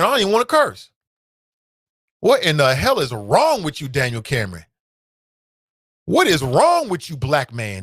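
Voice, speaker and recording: A talk show host with an American Midwest accent gives casual commentary in a fairly high voice that jumps all over the place. He laughs easily and swings between loud outbursts and low asides. The sound is close and dry. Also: dry recording.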